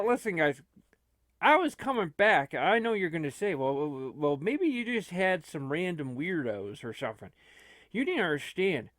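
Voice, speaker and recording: A man's voice: fairly high pitch, fairly bright tone, no echo, clean studio sound. A man playing a frantic old man who rambles and stammers urgently in an amateur comedy movie. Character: frantic old man fleeing strange dimension.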